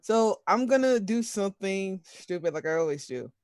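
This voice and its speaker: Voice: medium pitch, expressive, normal speed, no echo. A player in a tabletop game, rambling and self-deprecating, hesitating as they describe their moves. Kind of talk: casual tabletop game chat.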